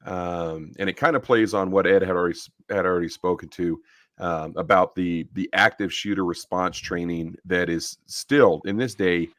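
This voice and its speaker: Podcast host, man, deep low voice, dry close sound, rambling questioner. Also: normal speed, a bit bright, dry recording. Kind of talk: casual podcast interview.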